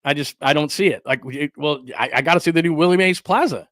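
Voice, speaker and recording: A man hosting a solo sports livestream rants in a slightly high voice, with quick asides and laughs, and he stops to greet viewers in the chat. The sound is close and dry, with no room echo. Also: fairly bright tone. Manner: reads and answers live chat. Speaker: sports talk host.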